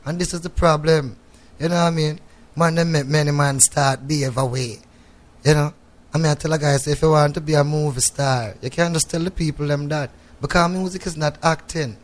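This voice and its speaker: A Jamaican man talks in thick patois in a radio studio, sounding reflective and a little preachy. His voice sits somewhat high for a man. He keeps pulling the listener in with "you know what I mean". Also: steady tone, a little fast. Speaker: guest reggae artist.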